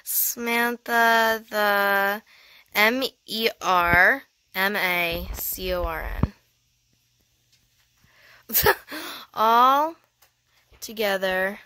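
A woman giving casual, excitable gameplay commentary, gushing and giggly as she thinks aloud. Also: mid-range voice, drawn-out words, pauses often, a little hiss or hum. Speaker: gaming channel host.

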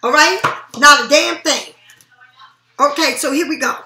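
A woman's voice: high-pitched, unhurried, roomy sound, heavy background noise. A woman reading tarot cards in a blunt, profane, emphatic way. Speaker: tarot reader.

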